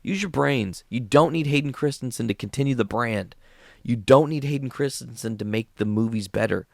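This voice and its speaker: Gravelly, profane podcast man. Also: mid-range voice, normal speed, no room sound, studio quality. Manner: blunt, profane ranting. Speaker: podcast host. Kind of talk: solo podcast commentary.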